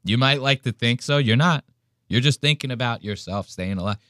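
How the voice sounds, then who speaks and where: A man's voice: medium pitch, brisk, a bit bright, no room sound. A man hosting a podcast, ranting and mocking a clip in profane casual commentary. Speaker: podcast host reacting to a clip.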